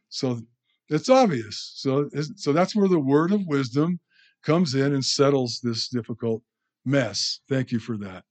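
A man's voice: mid-range voice, expressive, moderate pace, darkish tone. A man teaching a sermon in a conversational way, often asking the audience questions. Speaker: pastor.

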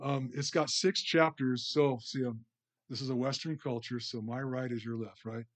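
A man's voice: medium pitch, fairly even intonation, moderate pace. A man preaching a conversational sermon, often checking in with the listeners with "you know" and "right?".

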